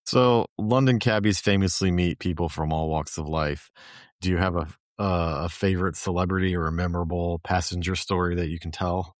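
A man's voice: low-pitched, fairly even intonation, brisk, no echo, studio quality. A man interviewing a guest, asking questions politely and with apologetic hedges.

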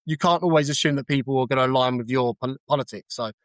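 Animated cabbie telling stories. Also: male voice, medium pitch, fast talker, no echo. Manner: animated storyteller who jumps to shouts when acting out scenes. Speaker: London cab driver. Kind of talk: casual anecdote-telling in an interview.

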